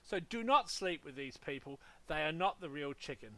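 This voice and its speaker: A man's voice: a little high, animated, normal speed, a bit bright. A man hosting a gaming channel, ranting heatedly in casual podcast talk with lots of profanity.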